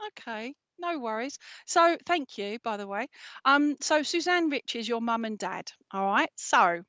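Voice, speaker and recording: A woman working as a psychic medium, giving a gentle, reassuring live reading and often checking in with "okay?". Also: a little high, animated, measured pace, no room sound, lo-fi sound.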